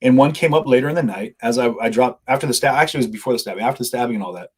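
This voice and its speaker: A man with a husky, slightly rough voice who talks at a rapid clip. He tells long, rambling stories in casual conversation, slipping into quotes of himself and others as he goes. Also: medium pitch. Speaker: live-streamer guest.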